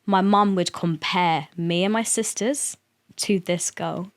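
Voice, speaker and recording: A woman's voice: on the low side, slow pace. A young woman talking as a guest on a podcast in easy, loose chat. She laughs often, swears freely and jumps into quoted voices of her mother while she tells a story.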